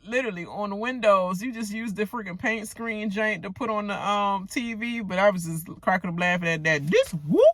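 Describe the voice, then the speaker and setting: A woman giving a casual, profane, animated rant recapping a reality TV episode, with joking asides. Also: mid-range voice, brisk, hardly any pauses, no room sound. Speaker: TV recap vlogger.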